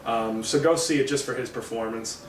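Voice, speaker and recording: A man's voice: mid-range voice, fairly even intonation, normal speed. A male comedian giving a casual, rambling movie review, full of fillers and self-corrections. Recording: roomy, distant mic, faint background noise.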